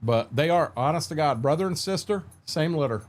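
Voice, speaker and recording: Speaking fairly quickly with a slightly high, lively voice, this middle-aged livestream host chats casually from home. His stories ramble and are candid, he restarts often, and he addresses people in the chat by name.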